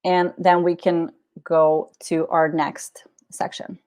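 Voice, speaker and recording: Woman webinar host, slightly low voice, friendly walkthrough with fillers. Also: little pitch movement, takes it slowly, darkish tone. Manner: friendly, many fillers, talks viewers through clicks. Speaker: webinar presenter. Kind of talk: live software tutorial webinar.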